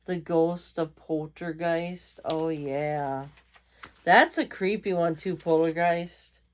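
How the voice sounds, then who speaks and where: A woman's voice: sits low, slow pace. A tired woman chatting casually as a vlog host, rambling with many fillers. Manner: reads out magazine lines. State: tired, yawning. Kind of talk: casual chat.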